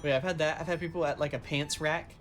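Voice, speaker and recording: Brief: young man, slightly high voice, easygoing storyteller, game music faint underneath. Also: fairly even intonation, fast talker, fairly bright tone. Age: young adult. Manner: chatty, tells retail customer anecdotes with acted-out quotes. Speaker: gaming co-host. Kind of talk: casual chat while gaming.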